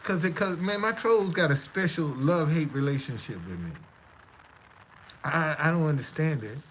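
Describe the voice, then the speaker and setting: A man talks to his live-stream audience in a casual, defiant monologue. He stammers and repeats himself, with a high, lively voice. Faint noise sits behind him. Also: normal speed, low-quality recording.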